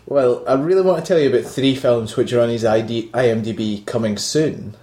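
A man's voice: mid-range voice, fairly quick, warm tone. Jokey man on a roomy podcast. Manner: jokey, teasing, laughs often. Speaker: podcast co-host. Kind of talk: casual film review chat. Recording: roomy echo.

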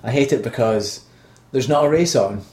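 A man's voice: mid-range voice, moderate pace, darkish tone. Joking man in an echoey room. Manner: joking, riffing, laughs mid-sentence. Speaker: film commentary co-host. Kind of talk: casual chat.

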